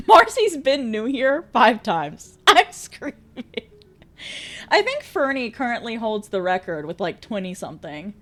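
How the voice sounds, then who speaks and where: A woman's voice: on the high side, very animated, normal speed. A woman streamer chatting casually with viewers, bubbly, laughing often and swearing freely. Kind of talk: casual chat reading viewer messages.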